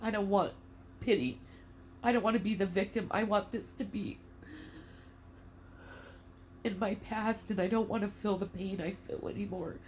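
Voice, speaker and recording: A woman's voice: mid-range voice, darkish tone, a little hiss or hum. A middle-aged mother speaking emotionally to camera, tearful and defiant, swearing in anger.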